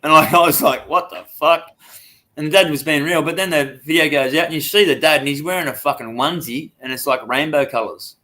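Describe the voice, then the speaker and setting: Man, Australian accent, 40s, fairly high voice, blunt, sweary, animated storyteller. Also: fast talker, hardly any pauses, a little hiss or hum. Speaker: podcast co-host. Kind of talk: casual chat.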